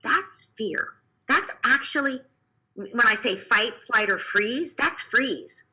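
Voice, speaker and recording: Bright, lively psychologist woman. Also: on the high side, slow, rough recording. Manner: animated, often acts out quoted speech; speaks directly to the listener, asking them to imagine. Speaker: clinical psychologist. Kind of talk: explanatory talk on parenting.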